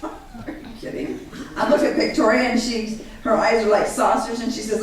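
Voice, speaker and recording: A woman giving an earnest, animated personal account to a live audience, acting out what others said, heard from a distance in a large echoey hall. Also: a little high, moderate pace. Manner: earnest, animated storytelling that acts out others' words. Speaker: speaker at a public gathering. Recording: echoey hall from far off, faint hiss.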